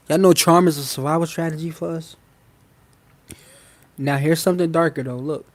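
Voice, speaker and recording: A man's voice: fairly high pitch, a little mellow. A man hosting a live-stream masterclass, talking in a slangy, emphatic way, repeating key phrases and checking in with his listeners. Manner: slangy and informal. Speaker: self-help channel host.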